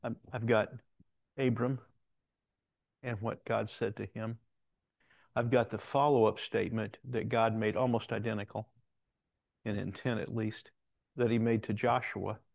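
A man's voice: on the low side, steady tone, measured pace, gravelly, pauses often, a little mellow, dry recording. A man telling a personal story in a conversational, rambling way, with restarts and quoted dialogue. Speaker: Christian speaker telling a story.

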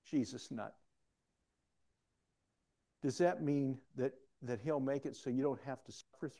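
A middle-aged man preaching a sermon, telling personal stories and swinging from hushed asides to loud exclamations. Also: medium pitch, unhurried, gravelly, pauses often.

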